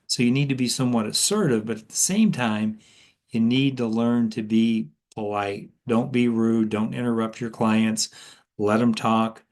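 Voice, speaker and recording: Male sales coach, mid-pitched voice, easygoing and chatty delivery that rises with energy on key points, loose spoken advice with ums. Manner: conversational with fillers and restarts, animated inflection. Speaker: sales trainer. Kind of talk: casual coaching talk.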